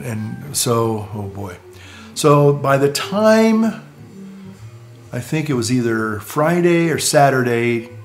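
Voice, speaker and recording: A male priest telling a personal story in a casual, rambling way, repeating words and chuckling between phrases. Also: mid-range voice.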